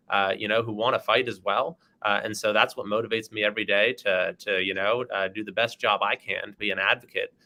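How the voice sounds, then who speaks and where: A man answering as an interview guest, halting with frequent fillers. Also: fairly low pitch, sharp tone. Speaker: guest politician.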